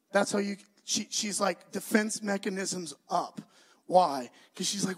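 A young adult man preaching a sermon, telling the story with animated, acted-out voices. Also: sits high, unhurried, husky, rough recording.

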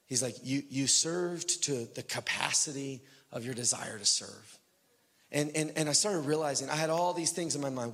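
A young man preaching a sermon in a casual way, telling a personal story, full of fillers, swinging from loud bursts to hushed, quiet lines. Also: mid-range voice, moderate pace. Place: church hall. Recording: long hall reverb.

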